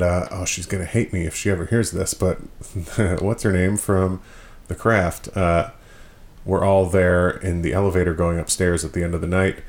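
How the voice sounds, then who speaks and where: A man with a very low, deep voice hosts a casual podcast. He rambles through his points with plenty of fillers and pokes fun at himself. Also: darkish tone. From Michigan. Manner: rambling, self-deprecating, frequent fillers. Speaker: podcast host.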